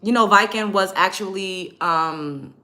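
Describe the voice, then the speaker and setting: A woman's voice: mid-range voice, unhurried, bright, forceful tone. A woman ranting bluntly and sarcastically to camera while getting ready, with a Black American English accent and frequent profanity. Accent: African American English. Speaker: vlogger. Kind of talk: get-ready-with-me rant to camera.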